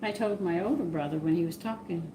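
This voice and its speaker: A woman's voice: on the low side, a little fast, noisy background. Southern woman rambling through a cooking stream. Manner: rambling, drifts into personal stories while cooking. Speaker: home cooking host. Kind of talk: casual cooking live stream. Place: home kitchen. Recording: kitchen clatter of dishes and cutlery.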